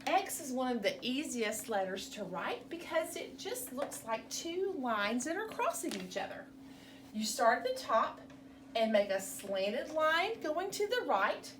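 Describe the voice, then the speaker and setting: A woman teaching young children by video, speaking in a slow, sing-song, encouraging way. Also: high voice. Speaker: preschool teacher. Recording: distant mic with faint room noise.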